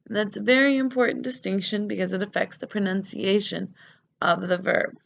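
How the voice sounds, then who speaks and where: A woman's voice: mid-range voice, fairly even intonation, a little fast, gravelly. A woman teaching French grammar, patiently spelling out verb endings letter by letter. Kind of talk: grammar lesson.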